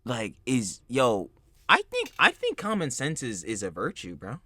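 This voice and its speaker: A man's voice: medium pitch, huge pitch swings, a little slow, bright, forceful tone, slightly rough, dry recording. A young man co-hosting a reaction video, ranting playfully in slangy casual talk and laughing often.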